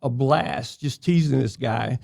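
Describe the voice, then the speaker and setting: Gravelly older man telling police stories. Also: medium pitch, measured pace, darkish tone, no room sound, studio quality. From New York. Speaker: retired police officer guest. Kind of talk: casual storytelling.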